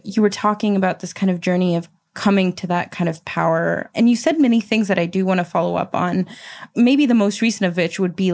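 A woman's voice: on the low side, creaky, darkish tone. A woman interviewer asking long, careful follow-up questions in an attentive manner. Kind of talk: podcast interview.

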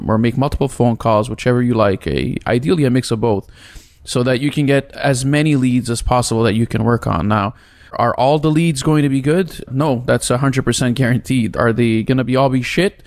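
A man's voice: mid-range voice, a little mellow, no room sound. Blunt wisecracking man, dry sound. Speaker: podcast co-host. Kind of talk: casual chat.

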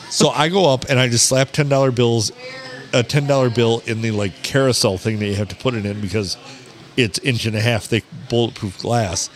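A man's voice: mid-range voice, moderate pace. Man telling a rowdy bar story. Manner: swearing, animated anecdote teller who quotes people. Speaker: podcast host. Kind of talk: casual storytelling.

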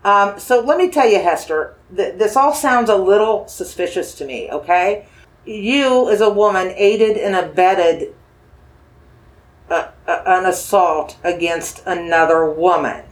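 A paranormal investigator gently questioning a spirit with dowsing rods, coaxing and reassuring, repeating phrases and asking slow yes-or-no questions. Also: medium pitch.

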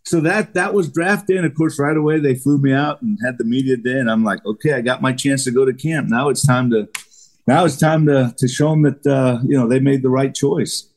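A man's voice: mid-range voice, brisk. A middle-aged man, a retired football lineman, telling stories as a podcast guest, acting out quotes as he goes. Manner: animated storyteller, acts out quotes. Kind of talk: casual storytelling interview.

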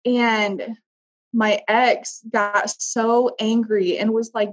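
Woman telling a painful story haltingly. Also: on the high side, flat delivery, highs cut off. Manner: halting, with restarts and soft trailing pauses. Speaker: guest. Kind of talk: personal story in conversation.

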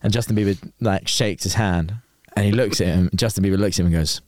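A man, a radio presenter guest telling an animated anecdote in casual chat, acting out quoted lines as he goes. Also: deep voice, fast talker, no room sound, clean studio sound.

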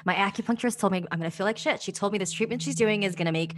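A woman's voice: medium pitch, very fast, hardly any pauses, soft background music. A woman in casual podcast chat, telling a reflective, sensory story.

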